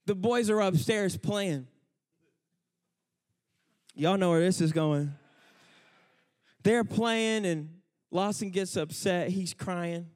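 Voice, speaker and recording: High-voiced, unhurried preacher man. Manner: storytelling, building to impassioned shouting. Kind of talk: sermon.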